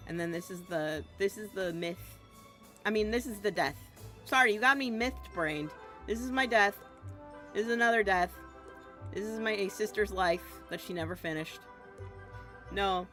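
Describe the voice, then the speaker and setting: Soft music plays behind a woman whose lowish, fairly bright voice moves at normal speed. Streaming a game, she chatters casually and giggles, drifting from topic to topic, and eats while talking, quietly saying "yum" and "nom."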